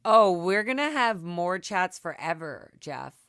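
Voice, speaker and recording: A woman's voice: on the low side, big pitch swings, a little slow, a bit bright, smooth. A young woman hosting a casual video chat, telling stories in an emotional, rambling way and swearing freely. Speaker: podcast host.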